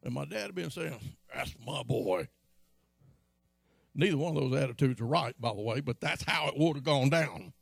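A man's voice: expressive, fast, gravelly, hardly any pauses, no echo, studio quality. A man preaching a sermon as pastor, telling stories from his life and acting out quotes. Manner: storytelling, acts out quotes in a high voice.

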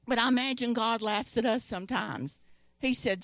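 A middle-aged woman, preaching a sermon and retelling scripture stories in an animated way. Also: high-pitched, moderate pace, no echo. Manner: storytelling, animated quoting of scripture voices.

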